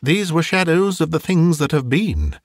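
A man voicing a calm, unmoved male ghost who speaks in a measured, firm way, in an audiobook reading. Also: on the high side, no echo, clean studio sound, voice pushed up.

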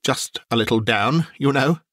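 A man reading as a gentle grieving father. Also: medium pitch, normal speed, no echo, studio quality, lightly acted. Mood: tender. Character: kindly grieving father, gentle and warm-hearted. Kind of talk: audiobook character reading.

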